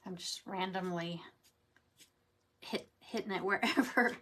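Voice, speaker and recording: A woman's voice: mid-range voice, unhurried, a bit bright, a little hiss or hum. A woman chatting casually to viewers while she demonstrates a craft project. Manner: chatty, rambling, talks to viewers. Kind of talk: casual craft demo livestream.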